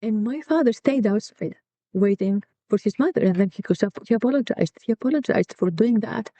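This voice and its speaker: Speaking fairly quickly in a dark, mid-range voice with lively intonation, a middle-aged Greek woman relates family stories in an interview, with no room sound. She's a podcast guest and co-founder, reflective and prone to repeating words while she looks for them. The recording is dull, dry and lo-fi.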